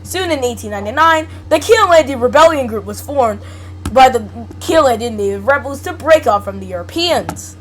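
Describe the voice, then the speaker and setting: A woman's voice: high voice, lively intonation, moderate pace, slight background noise, rough recording. A young woman hosting a casual video, reading a wiki article aloud and reacting to it playfully, often giggling and tripping over her words.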